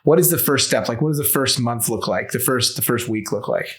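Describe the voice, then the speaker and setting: A man co-hosting a podcast, asking questions in a loose, relaxed interview manner. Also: mid-range voice, brisk. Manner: relaxed, loose, with repeated restarts. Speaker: podcast co-host.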